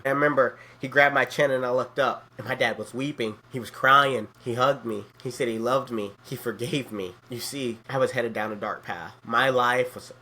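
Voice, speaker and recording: Bright-voiced young man sharing his testimony. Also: mid-range voice, fairly quick, few pauses. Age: 20s. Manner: earnest, heartfelt storytelling. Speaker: youth pastor. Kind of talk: personal faith testimony.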